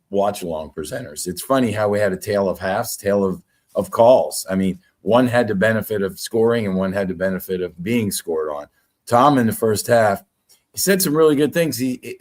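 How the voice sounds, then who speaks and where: A man on a fan watchalong, going through his takeaways from the match in a relaxed, joking way. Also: fairly low pitch. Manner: jokey, relaxed storytelling. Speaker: watchalong co-presenter. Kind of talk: casual podcast banter.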